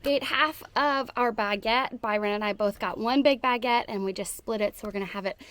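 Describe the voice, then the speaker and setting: A woman's voice: fairly high pitch, fairly quick, fairly bright tone, smooth, no room sound. A young woman with a Southern US accent, chatting cheerfully to camera while walking a hiking trail outdoors and laughing often. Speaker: hiking vlogger. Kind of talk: casual hiking vlog narration.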